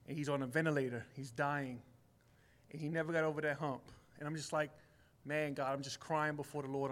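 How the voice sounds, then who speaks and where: Man in his forties giving an earnest church testimony, plain-spoken, rising to conviction, slightly high-pitched. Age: 40s. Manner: heartfelt, casual street speech, grows emphatic. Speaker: church member sharing a testimony. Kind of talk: personal testimony.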